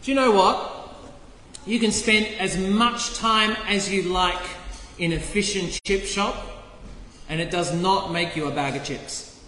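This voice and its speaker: A man's voice: high voice, unhurried, sharp tone, a little hiss or hum. A man preaching as a pastor, playfully quizzing the children during a sermon. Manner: playful, asks the kids questions. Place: church. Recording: echoey church hall, faint ambience.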